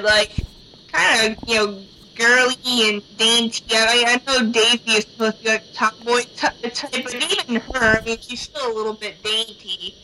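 A woman with a bright, fairly high voice joins a casual chat among friends. She talks hesitantly and restarts her sentences, leaning on "you know" and "I mean." A faint hiss sits under her voice. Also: low-quality recording. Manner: hesitant, many fillers.

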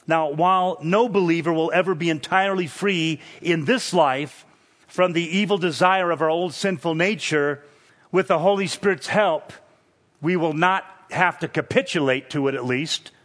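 A man preaching an expository sermon, teaching verse by verse in a measured, emphatic way. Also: a little high, fairly bright tone.

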